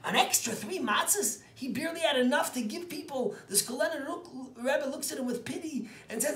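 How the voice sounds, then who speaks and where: A man, a rabbi, telling a story as a sermon, dropping to hushed whispers and rising to loud, emphatic bursts. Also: very high voice, very animated, a little fast, few pauses, roomy sound.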